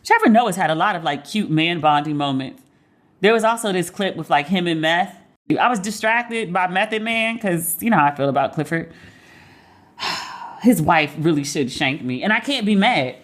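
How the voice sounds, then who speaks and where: A woman's voice: on the low side, animated, normal speed, a bit bright. A woman hosts her own podcast in loose, casual commentary. She is candid and gossipy, drops profanity freely, and teases herself about her celebrity crushes. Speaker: podcast host. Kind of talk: casual pop-culture commentary.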